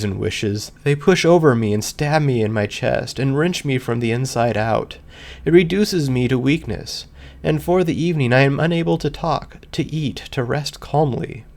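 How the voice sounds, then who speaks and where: Gravelly man reading a story aloud. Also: mid-range voice. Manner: earnest, emotional first-person reading. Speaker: reader. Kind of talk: scripted fan fiction narration.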